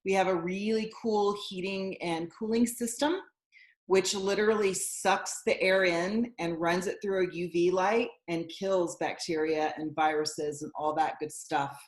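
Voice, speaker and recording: A woman's voice: lowish voice, steady tone, unhurried. A woman guest who runs a yoga studio, explaining things earnestly in a casual interview. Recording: echoey room.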